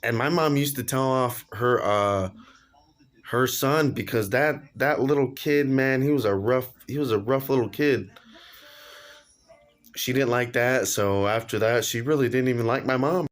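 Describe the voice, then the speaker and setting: A man's voice: medium pitch, a little slow. A young man casually telling a personal story on his vlog, slangy and laughing along as he goes. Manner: laid-back slangy, laughs while telling. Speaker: vlogger.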